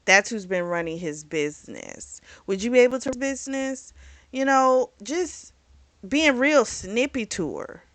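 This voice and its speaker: A woman reviewing a book in casual chat, retelling the plot in a chatty, animated way. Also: a little high, a little slow, no room sound. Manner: chatty, animated retelling with acted quotes and laughs.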